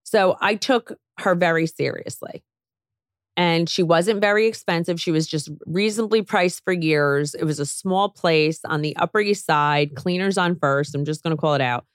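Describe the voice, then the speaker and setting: A woman's voice: fairly low pitch, normal speed, dry recording, studio quality. A woman hosting a podcast, telling a story in casual chat and acting out the voices of people she quotes. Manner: animated storyteller who acts out quoted voices. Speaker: podcast host.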